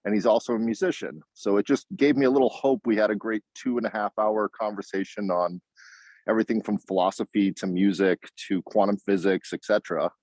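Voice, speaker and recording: This is a reflective, chatty man speaking on a group video call. His voice sits low, and the sound is close and dry. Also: fairly even intonation, fairly quick, darkish tone, dry recording. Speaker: discussion group member.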